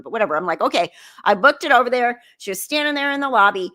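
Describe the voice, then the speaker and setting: A woman hosting her own live stream, telling a travel story in a chatty, animated way and acting out quotes. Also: medium pitch, fast talker. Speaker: channel host.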